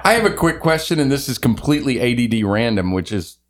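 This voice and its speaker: A man's voice: mid-range voice, expressive. A man co-hosting a podcast, joking and rambling in casual banter. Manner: jokey, rambling, quick to laugh. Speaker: podcast co-host.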